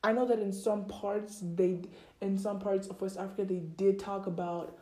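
A teenage girl rambles through a gossipy podcast chat, dropping "like" every few words. Her voice is soft and dark-toned. The room adds a noticeable echo. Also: medium pitch, fairly even intonation, normal speed. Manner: chatty, rambling, many filler likes. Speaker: podcast host. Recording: roomy echo.

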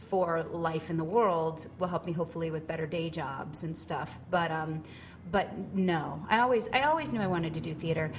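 A middle-aged woman from Cambridge, Massachusetts, a musical theater actress, chats animatedly as a guest in a casual interview, her Boston accent clear. Her voice sits low, she uses many fillers and restarts, and there's slight background noise.

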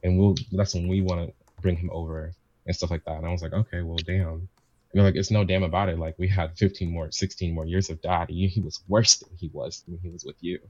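Casual male storyteller, deep voice, rambling and repetitive, dry lo-fi sound. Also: flat delivery, brisk, darkish tone. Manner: rambling, repeats himself, quotes family members. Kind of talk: casual chat, personal story.

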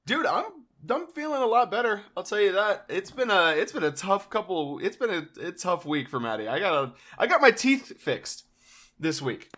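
A woman's voice: medium pitch, sing-song, moderate pace, a bit bright. Twenties woman, podcast co-host, blunt joking casual talker. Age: 20s. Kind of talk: casual chat.

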